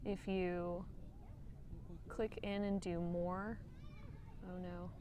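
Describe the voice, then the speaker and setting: Woman, relaxed casual chat, swears offhandedly, outdoors, clip-on mic, faint hiss. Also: fairly low pitch, extremely slow. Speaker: livestream co-host. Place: outdoors, riding scooters. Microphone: wireless clip-on microphone.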